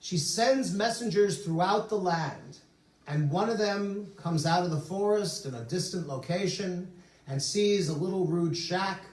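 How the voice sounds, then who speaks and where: A man's voice: sits high, measured pace, darkish tone. A male rabbi preaching a sermon in a synagogue sanctuary, telling stories with humorous asides, heard from a distance in the room. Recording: roomy sanctuary from far off.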